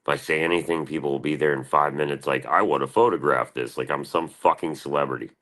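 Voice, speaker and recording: Super deep voiced guy ranting on his stream, swearing a lot, doing voices of people. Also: fast, a bit bright. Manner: rambling and profane, quotes others in raised voices. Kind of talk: casual livestream rant. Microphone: streaming mic.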